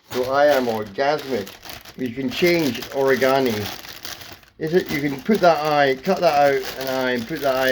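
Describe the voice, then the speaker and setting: Rambling comedian with wordplay. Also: male voice, mid-range voice, a little hiss or hum. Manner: playful, silly wordplay, slips into daft voices. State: dry mouth. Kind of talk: rambling improvised comedy monologue.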